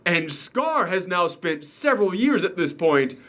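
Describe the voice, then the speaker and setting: A man with a high, bright voice runs a casual movie review chat. His pitch swings wildly as he jokes and rants with emphasis. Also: measured pace. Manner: animated, joking, emphatic rants. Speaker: show host.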